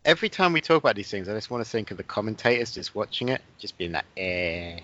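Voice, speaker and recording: A man's voice: on the low side, lively intonation, racing, fairly bright tone. A man co-hosting a casual joking chat on a dull lo-fi recording. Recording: dull lo-fi sound.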